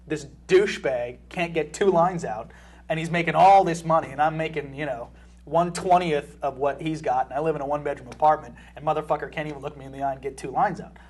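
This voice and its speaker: A man's voice: a little high, fast talker, husky. A young man, an actor, telling a blunt, swear-heavy anecdote in casual chat. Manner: blunt, swears freely, animated storytelling. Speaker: actor guest.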